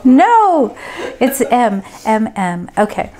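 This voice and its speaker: A woman serving as a medium gives a group reading, musing aloud casually and hesitantly with lots of pauses and fillers. Her voice is a little high.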